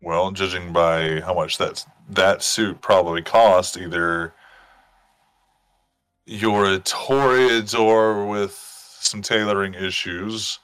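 A man voicing a calm male vampire lookout who makes dry, sizing-up remarks in a tabletop game. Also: low-pitched, slow, clean tone. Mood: sardonic.

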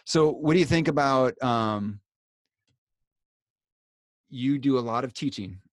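A man's voice: mid-range voice, slow, no room sound, clean studio sound. A man hosting a podcast, talking in a rambling, reflective, self-deprecating way. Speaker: podcast host. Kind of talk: casual conversation.

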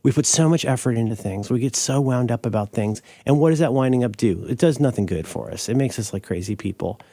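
A man's voice: fast talker, dry recording. Rambling, self-correcting male podcast host. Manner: rambling, self-correcting, animated pitch jumps. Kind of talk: casual chat.

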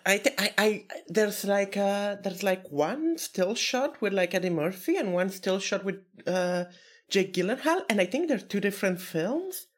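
A woman's voice: medium pitch, animated, unhurried. A woman co-hosting a podcast in casual chat, rambling with lots of restarts and fillers. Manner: rambling, many "like"s and restarts, giggly. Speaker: podcast co-host.

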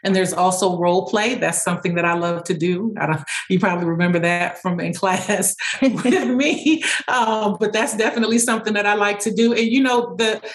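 A woman clinician explains her therapy work as an interview guest, telling anecdotes with animation. Her voice sits at a middle pitch, and laughter often breaks into her talk. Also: brisk, poor audio. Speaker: speech-language pathologist guest.

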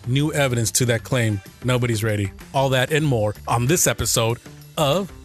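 A man's voice: medium pitch, moderate pace, faint music behind. Laughing, joking male podcast host. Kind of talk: casual podcast chat.

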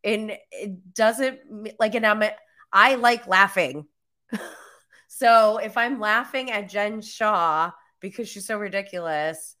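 A young woman talks in a loose, chatty way, with lots of "like" and easy laughter. Her voice is bright and clear. She speaks at an unhurried, drawn-out pace, as a host talking straight to her listeners. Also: mid-range voice, lively intonation. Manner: chatty, laughs often, many "like" fillers. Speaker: podcast host recapping reality TV. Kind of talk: casual chat.

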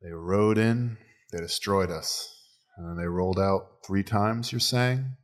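A dim, stubborn peasant at death's door, put on by a man telling a joke. He speaks in a very deep, quiet, flat mumble. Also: a little slow. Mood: deadpan. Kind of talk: joke told in casual chat.

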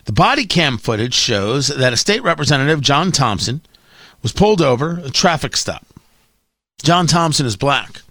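Animated, sarcastic male radio host. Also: medium pitch, normal speed, no echo. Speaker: radio talk show host. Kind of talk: opinionated talk radio monologue.

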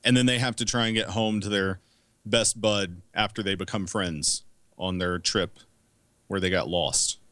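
A man's voice: low voice, steady tone, unhurried, fairly bright tone, dry recording. A man co-hosting a movie podcast, giving blunt, profane opinions in casual chat. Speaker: podcast co-host.

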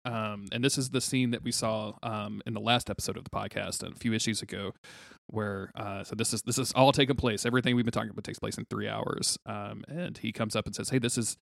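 A man's voice: lowish voice, fairly even intonation, a little fast, vocal fry, a bit bright, no room sound, studio quality. A man co-hosting a casual podcast, recapping a comic book in a laid-back way with many fillers. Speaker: podcast co-host.

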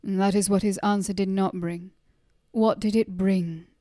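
A woman voicing a calm, wise male messenger who speaks gravely and gently. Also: mid-range voice, no echo, studio quality, close to an everyday voice. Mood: gentle. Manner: slow, grave, measured.

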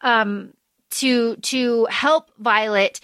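A woman's voice: on the high side, fairly even intonation, drawn-out words, fairly bright tone, clear, resonant tone, no echo, studio quality. A woman co-hosting a podcast, chatting casually about a book and reading out quotes between filler ums. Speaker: podcast co-host.

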